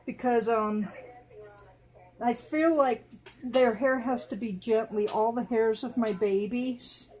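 High-voiced lady chatting slow to her viewers, cooing baby talk at her dolls. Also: steady tone, a little mellow. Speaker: doll channel host. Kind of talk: casual vlog chat to viewers.

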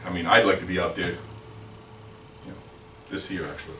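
Speaking at a normal speed in a low voice with fairly even intonation, a male sales rep leads product training at a meeting-room lunch-and-learn. He keeps repeating words and starting over as he rambles. The recording sounds far off and echoey, with faint noise.

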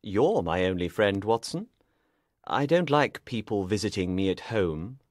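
A man voicing a calm, grave detective in an audiobook, speaking in a measured way. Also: fairly low pitch, dry recording, studio quality. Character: calm, grave, clever male detective, middle-aged. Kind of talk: audiobook character reading.

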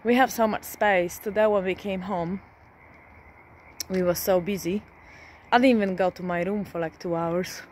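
A woman's voice: medium pitch, steady tone, moderate pace, a little hiss or hum. A woman vlogging from her rural home at night, half-whispering, swearing often and speaking from the heart. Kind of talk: casual whispered vlog.

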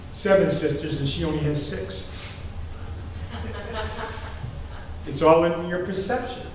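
Older guy preaching, high voice, jokey and lively, echoey church picked up from far off. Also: slight background noise. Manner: joking, animated preaching. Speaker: pastor. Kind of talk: sermon. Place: church sanctuary.

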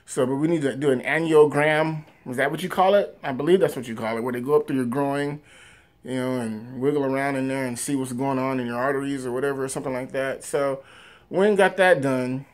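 A man in a personal vlog tells his story straight to camera in an ordinary mid-range voice. He rambles with lots of fillers and restarts. He gets loud and animated at the big moments, then trails off quietly. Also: medium pitch, quick pace. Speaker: vlogger.

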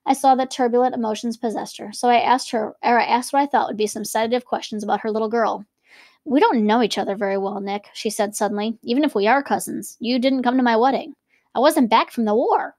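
Fast-reading woman with a high voice. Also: fairly even intonation, a little mellow, dry recording. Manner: quick, conversational asides between reading. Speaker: reader and teacher. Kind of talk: reading a novel aloud with commentary.

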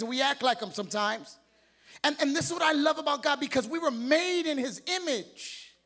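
Male pastor, very high voice, emphatic sermon delivery with call-and-response. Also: a bit bright. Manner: emphatic preaching with call-and-response questions and repeated words; playful, acts out family members.

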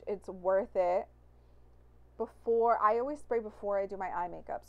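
A young woman talks through a makeup tutorial in a chatty, gushing way, dropping "like" as she goes. Her voice sits at an ordinary middle pitch for a woman. She sounds like a beauty vlogger enthusing over her favorite products. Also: darkish tone. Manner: chatty with fillers like "like".

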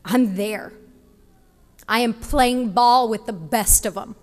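Passionate slow-speaking young woman at a podium. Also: fairly high pitch. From Texas. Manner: emphatic, passionate delivery. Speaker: commencement speaker. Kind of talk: inspirational commencement speech. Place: large ceremony venue. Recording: long hall reverb.

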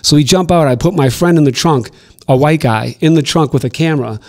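A middle-aged man from Boston, telling stories as a podcast guest in an animated, profane way on a studio mic. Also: a little high, fairly quick. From Boston, USA. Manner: animated, profane storyteller acting out quotes. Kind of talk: casual storytelling interview.

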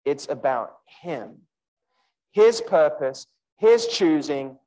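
A man giving an emphatic sermon at a student conference, speaking directly to listeners by name and slowing down to repeat key lines. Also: poor audio. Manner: animated and emphatic, with wide pitch swings.

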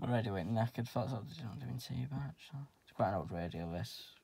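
A man's voice: medium pitch, fairly quick, vocal fry, very noisy. A man filming himself outdoors on a wooded hill, chatting casually over a handheld radio in slang and radio jargon. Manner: slangy, uses radio jargon, talks loudly when keying up. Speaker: radio hobbyist vlogger. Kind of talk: casual radio chat with commentary. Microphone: handheld radio and camera mic.

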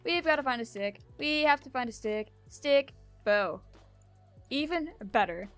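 A young woman giving fast, chatty, excitable commentary while playing a video game. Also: high-pitched, clear, resonant tone, dry recording, faint music behind. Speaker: gaming video creator. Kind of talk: casual gameplay commentary.

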